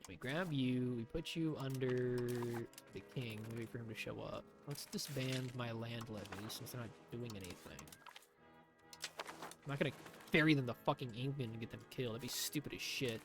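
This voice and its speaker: A man's voice: medium pitch, moderate pace, over music. A man doing live commentary on his own strategy game, talking to himself in a sarcastic, swearing way. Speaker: streamer.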